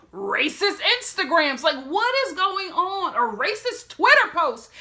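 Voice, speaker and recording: Animated sassy woman vlogger, bright high voice. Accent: Southern US. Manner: sassy, emphatic, talks straight to the camera and the show's people. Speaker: vlogger reviewing a reality show. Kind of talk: animated casual commentary.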